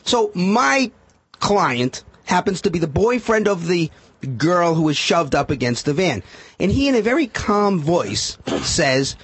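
A man's voice: sits high, unhurried, breathy edge, dry recording. A man telling a case story as a guest on a radio talk show, acting out the quotes. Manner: animated storyteller, acts out quotes. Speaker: defense attorney guest.

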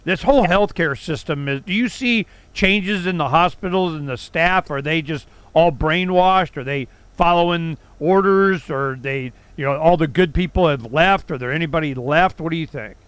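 A man's voice: a little high, normal speed, few pauses, a bit bright, smooth, no room sound. A man hosting an interview, responding sympathetically and asking leading questions. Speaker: podcast host. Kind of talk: interview conversation.

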